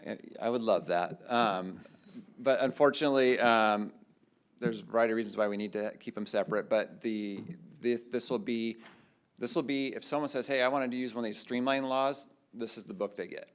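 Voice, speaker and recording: A man's voice: on the low side, moderate pace, smooth. A man on a city's staff patiently explaining plans at a public council meeting, with frequent fillers. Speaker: city staff member.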